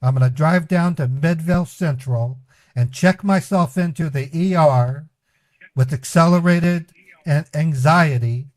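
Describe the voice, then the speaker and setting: A man's voice: fairly high pitch, a little slow, darkish tone, no echo. Stammering, pleading man on a prank call. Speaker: scambaiting streamer. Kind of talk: prank call role-play.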